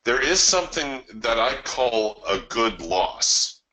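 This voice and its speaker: A man's voice: mid-range voice, big pitch swings, takes it slowly, sharp tone, poor audio. A man hosting a live trading webinar, explaining his approach in a conversational way and telling stories to his listeners. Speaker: trading coach and webinar host.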